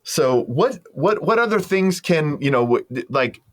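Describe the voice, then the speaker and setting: A man's voice: fairly high pitch, sing-song, a little slow. Rambling enthusiastic podcast host, man. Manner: rambling, many fillers and restarts, enthusiastic. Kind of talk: casual interview chat.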